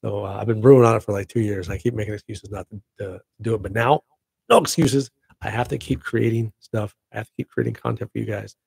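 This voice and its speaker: A middle-aged man hosting his own show in casual chat, excitable and rambling with laughing asides. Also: fairly low pitch, quick pace, gravelly, slightly rough, no room sound. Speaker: podcast host.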